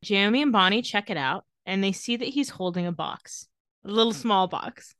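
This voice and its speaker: A woman co-hosting a podcast, telling the story in an animated, casual way. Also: medium pitch, moderate pace, dry recording, studio quality. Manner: animated storytelling, laughs often. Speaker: podcast co-host. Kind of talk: casual recap chat.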